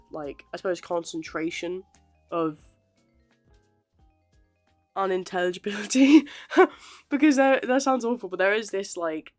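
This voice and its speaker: A 21-year-old woman, chatting casually to camera in a self-deprecating way and laughing often. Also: lowish voice. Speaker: aspiring actress vlogger.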